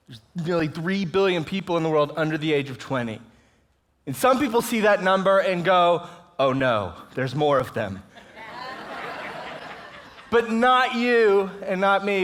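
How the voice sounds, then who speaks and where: A man with a high, light voice speaks as a guest at a church service. He tells his stories in an upbeat, animated way and laughs often as he goes. He sounds like he is in his thirties. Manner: lively storytelling with chuckles. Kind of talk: inspirational talk at a church service. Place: church auditorium, live audience.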